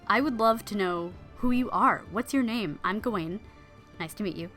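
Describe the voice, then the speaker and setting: A woman's voice: medium pitch, moderate pace, fairly bright tone, faint music behind, lightly acted. A woman voicing a friendly, modest male knight who speaks in laid-back modern slang and gets flustered. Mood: excited.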